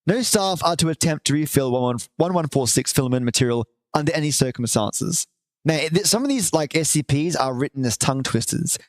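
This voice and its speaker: Chatty streamer man, slightly high voice. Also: animated, a little fast, no echo. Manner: chatty, affectionate to viewers, swears casually. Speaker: livestream host. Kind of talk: casual live-stream chat and reading.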